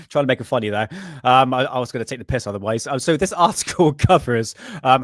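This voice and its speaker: A man's voice: mid-range voice, no echo, studio quality. A middle-aged British man hosting a casual livestream, reading aloud from an old magazine in a rambling, joking way with crude asides and chuckles. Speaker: livestream host.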